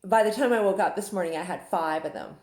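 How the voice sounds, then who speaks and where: A woman's voice: lowish voice, quick pace, a little mellow. Woman from saskatchewan chatting and confiding, laughs a lot, roomy echo. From Saskatchewan, Canada. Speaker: Facebook group admin. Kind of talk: casual monologue. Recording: echoey room.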